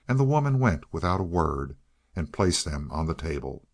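Man, deep voice, lively intonation, measured fairy tale narration. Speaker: audiobook reader.

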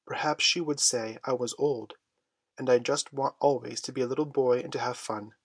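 A man reading a storybook and voicing a proud boy who answers curtly and decisively, in a husky, subdued voice. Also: medium pitch, fairly even intonation, moderate pace, no room sound. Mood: cool defiant. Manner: curt, cool and decisive. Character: proud defiant boy who refuses to grow up. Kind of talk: audiobook character voice.

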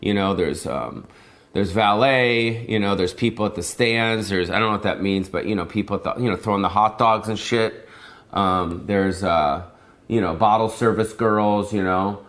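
A man's voice: fairly low pitch, moderate pace, a bit bright. Rambling, foul-mouthed comic man. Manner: rambling, profane, repetitive. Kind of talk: profane comedic rant. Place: Las Vegas.

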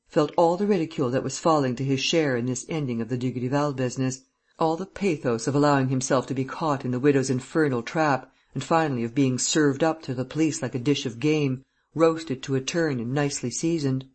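Husky, breathy audiobook narrator. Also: mid-range voice. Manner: steady, measured literary reading. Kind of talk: scripted narration.

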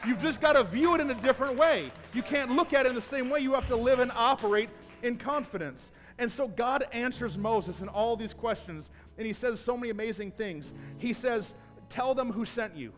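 A man preaching a sermon to a congregation in a church, telling Bible stories and building to a shouted call to action. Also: very high voice, moderate pace. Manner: builds from storytelling to shouted exhortation. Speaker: pastor. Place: church sanctuary. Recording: long hall reverb.

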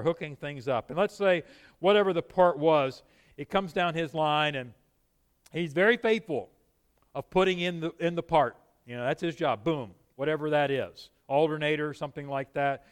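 A man preaching a sermon in an animated, emphatic way, often putting questions to his listeners. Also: a little high, clean tone.

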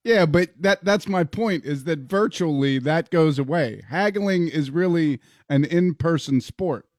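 A man's voice: fairly high pitch, measured pace, a little mellow, no echo, studio quality. A man co-hosting a casual chat, speaking in a wry, joking way. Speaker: podcast co-host.

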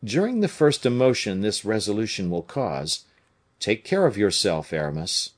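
A gloomy, subtle bishop speaks in slow, measured phrases. His low voice still rises and falls in a lively way, as a man reads him in a storybook.

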